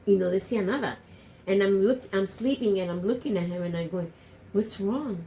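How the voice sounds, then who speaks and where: A woman's voice: mid-range voice, a little fast, mellow, slight background noise. A woman telling a childhood story in casual chat, switching between English and Spanish. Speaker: podcast co-host.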